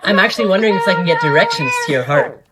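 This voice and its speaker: A man's voice: on the high side, racing, heavy background noise. Man doing sarcastic sketch comebacks. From San Diego. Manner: sarcastic deadpan comebacks, switching between characters. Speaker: comedy creator. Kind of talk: comedic sketch skits.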